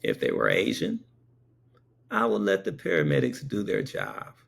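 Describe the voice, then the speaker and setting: In an emphatic spoken anecdote, a paramedic shares a story from his own experience and keeps posing rhetorical checks to whoever's listening. His deep, gravelly, husky voice swoops wildly in pitch at a moderate pace.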